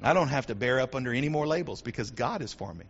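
A male pastor delivering an animated sermon, repeating phrases for emphasis and building up to shouts. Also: mid-range voice, quick pace, husky, highs cut off.

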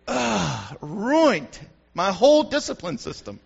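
A man preaching a sermon as a pastor, building to shouts and calling out to the congregation. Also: extremely high pitch, lively intonation, normal speed. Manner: preaching with rising shouts and call-and-response. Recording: dull lo-fi recording.

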